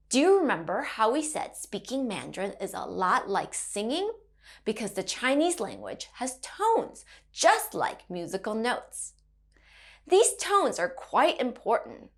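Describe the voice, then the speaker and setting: A woman in her thirties teaching Mandarin to children, gentle and encouraging, modelling sounds in a sing-song way. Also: a little high. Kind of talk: children's language lesson.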